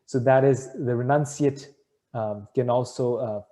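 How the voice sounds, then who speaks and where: A man's voice: medium pitch, fairly even intonation, a little slow, warm tone. A man answering a question with an earnest, rambling story that corrects itself as he goes. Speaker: spiritual speaker answering a question.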